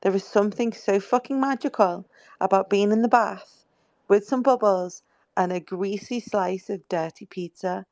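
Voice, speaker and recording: A woman with a gravelly, fry-edged voice, calming someone down in a casual chat. She speaks in a soothing, reassuring way and swears freely. The sound is close and dry. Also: mid-range voice, normal speed, no room sound. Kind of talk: casual live group chat.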